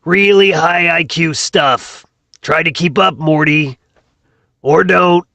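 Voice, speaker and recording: A cartoon mad-genius old man talks down to everyone, as a man puts him on. The voice is gravelly and slow. He sounds dismissive and bored. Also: on the high side, pushed and bright, no echo, pitched below the performer's own voice, heavily acted. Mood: condescending. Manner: condescending, dismissive. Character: arrogant genius old male scientist.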